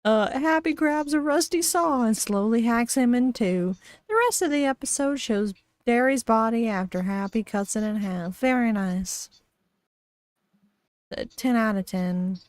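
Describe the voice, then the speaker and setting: A woman's voice: on the high side, expressive, measured pace, no echo. A woman streamer casually reading a horror story aloud, giggly, with frequent laughs and dry asides.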